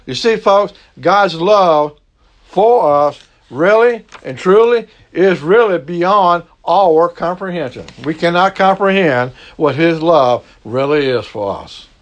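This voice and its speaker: Slow folksy Cajun preacher man. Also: on the high side, animated, muffled recording. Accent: Southern US, Cajun. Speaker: pastor. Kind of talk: sermon.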